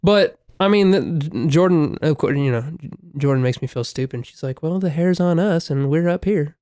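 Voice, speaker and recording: A man co-hosting a podcast, telling stories in a casual, profane and animated way, with loud exclaimed quotes. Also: on the high side, moderate pace, no room sound, clean studio sound. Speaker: podcast co-host. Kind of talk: casual chat, storytelling.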